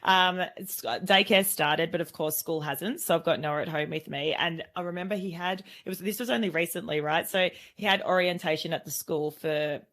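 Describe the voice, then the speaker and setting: An Australian woman in her thirties, co-hosting a parenting podcast and telling a story in a lively, casual way with frequent laughter. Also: fairly low pitch, moderate pace, hardly any pauses. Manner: animated storyteller, laughs often. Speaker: podcast co-host. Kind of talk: casual chat.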